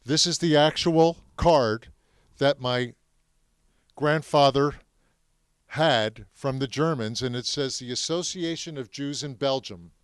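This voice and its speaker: A man's voice: medium pitch, slow, clear, resonant tone, no room sound. Man giving an emphatic classroom talk. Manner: emphatic, addresses the audience with questions. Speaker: speaker telling his family's story to students.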